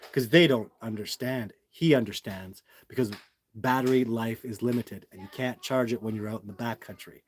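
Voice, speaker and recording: At a moderate pace and medium pitch, a man chats on a casual livestream, responding to viewer questions with emphasis and frequent repeats and referring to viewers as "guys." A little hiss or hum is audible.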